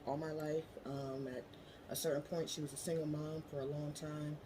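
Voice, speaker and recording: Earnest young woman over steady background noise. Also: low-pitched, normal speed. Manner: earnest, many "you know" fillers. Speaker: scholarship applicant. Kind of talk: prepared to-camera appeal.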